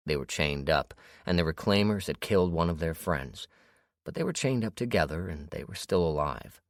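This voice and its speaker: A man narrating an audiobook in a steady storytelling manner. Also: low-pitched, normal speed, dry recording, clean studio sound. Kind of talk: scripted narration.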